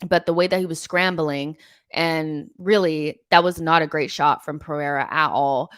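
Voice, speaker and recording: Low-voiced woman hosting a fan stream. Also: fairly even intonation, normal speed, fairly bright tone, clear, resonant tone, no echo, clean studio sound. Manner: chatty, many ums and likes, frank opinions. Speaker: host of a football fan show. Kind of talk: casual live-stream chat reading viewer comments.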